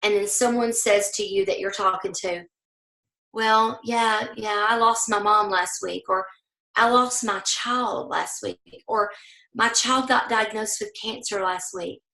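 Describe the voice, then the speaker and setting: A woman from the American South with a Southern accent, leading a motivational team call and talking fast, acting out the voices in people's heads. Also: mid-range voice, steady tone, bright, forceful tone, echoey room, low-quality recording. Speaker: team leader.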